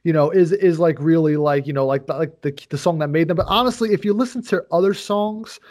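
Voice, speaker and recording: Guy cohost, kinda high voice, rambly and jokey, lots of "like" and "you know". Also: brisk, a little mellow. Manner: rambling, full of fillers and restarts, jokey. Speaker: podcast co-host. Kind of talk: casual chat.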